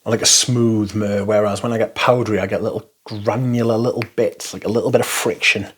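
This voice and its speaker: A man's voice: fairly low pitch, steady tone, a little fast, breathy edge. A man giving a casual first-impressions review, chatty and rambling, swearing now and then as he rants. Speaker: fragrance reviewer.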